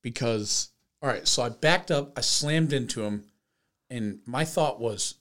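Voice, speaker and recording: A young man hosting a podcast, telling a story in casual chat with lots of swearing and loud acted-out quotes. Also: mid-range voice, a little slow. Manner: animated, profane storytelling with shouted quoted voices. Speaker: podcast host.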